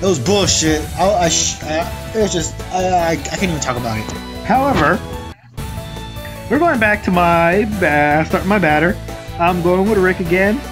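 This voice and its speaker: A man's voice: high-pitched, lively intonation, moderate pace. Young man rambling over game music. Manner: rambling, swears when frustrated. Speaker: gaming channel host. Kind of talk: casual gameplay commentary.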